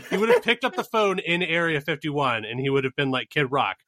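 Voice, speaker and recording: A man's voice: on the high side, big pitch swings, fairly quick, bright, forceful tone, no echo. A man co-hosting a podcast in casual comedic chat, rambling and building jokes with asides. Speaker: podcast co-host.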